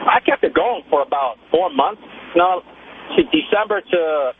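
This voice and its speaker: Young guy on a call-in show, high voice, tinny phone line, bit of hiss, slangy and boastful. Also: animated, unhurried. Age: 20s. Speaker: caller. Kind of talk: call-in radio chat.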